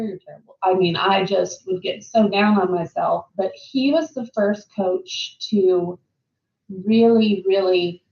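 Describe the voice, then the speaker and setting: Female host, casual reflective monologue, rambling delivery with many ums, gravelly voice, roomy and slightly dull recording. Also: lowish voice. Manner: rambling, frequent ums and word repeats. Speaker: host of a reflective talk series.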